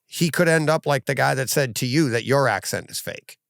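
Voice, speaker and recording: A man co-hosting a casual podcast chat, talking in an animated, stubborn way. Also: mid-range voice, a little fast, creaky, no room sound, studio quality. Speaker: podcast co-host.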